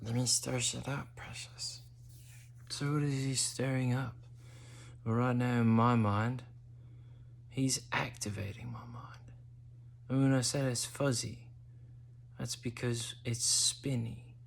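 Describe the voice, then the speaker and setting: Slow, gravelly stoned man. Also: medium pitch, fairly even intonation, slight background noise. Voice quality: gravelly, whispery asides. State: high. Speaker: host. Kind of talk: casual stoned monologue.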